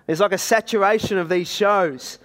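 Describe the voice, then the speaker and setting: A man's voice: high voice, normal speed, a bit bright. A man with an Australian accent preaching a sermon in a conversational, storytelling way.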